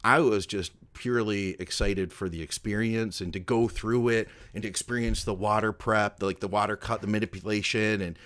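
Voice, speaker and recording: A middle-aged man with a somewhat low voice chats casually as a podcast co-host. He rambles through his memories and fills the gaps with "like" and "you know.". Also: steady tone, a little fast, few pauses, a bit bright. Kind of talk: casual chat.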